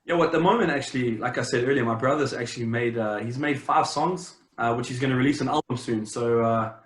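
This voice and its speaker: A young man with a South African accent talks loosely in an interview, circling back with fillers and half-started sentences. His voice sits at a middle pitch and carries a noticeable roomy echo. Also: fast talker. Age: young adult. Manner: relaxed, rambling, many fillers and restarts. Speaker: interview guest, champion swimmer. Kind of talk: casual interview chat. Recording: roomy, echoey sound.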